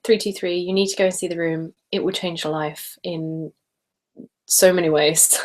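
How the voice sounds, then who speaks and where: A British woman hosting a casual live stream, reading viewer comments aloud in a chatty way on a stereo recorder, at times dropping into soft whispers. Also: lowish voice, fairly even intonation, normal speed. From Britain. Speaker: ASMR channel host. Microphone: stereo handheld recorder.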